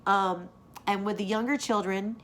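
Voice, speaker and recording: A woman teacher telling a story and explaining a craft to young children in an animated way. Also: medium pitch. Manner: warm, animated, drawn-out delivery for kids.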